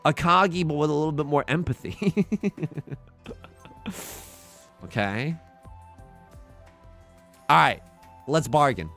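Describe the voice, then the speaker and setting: Lively, gravelly young man streaming a game. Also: a little high, normal speed, faint music behind. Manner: playful, jokey, talks to chat. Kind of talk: live game commentary.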